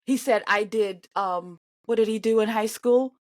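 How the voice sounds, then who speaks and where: A woman's voice: a little high, measured pace, dry recording, clean studio sound. A woman giving reaction commentary on an interview, indignant and sarcastic, talking back at the screen. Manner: animated, swings between loud outbursts and mutters.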